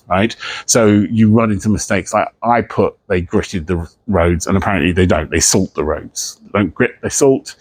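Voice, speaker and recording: A man's voice: on the low side, darkish tone, no echo. A man, an author answering questions at a library talk, chatty and wry, swearing freely and slipping into comic voices. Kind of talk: live author Q&A, casual anecdotes. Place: library event room, indoors.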